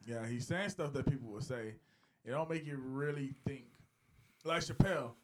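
A man co-hosting a podcast in casual chat, blunt and joking, with sudden jumps in loudness. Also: medium pitch, normal speed. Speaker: podcast co-host.

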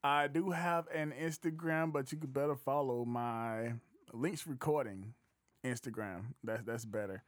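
A man's voice: medium pitch, a little slow, dry recording, studio quality. A man hosting a casual podcast chat, laid-back and loose, laughing often as he tells stories. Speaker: podcast host.

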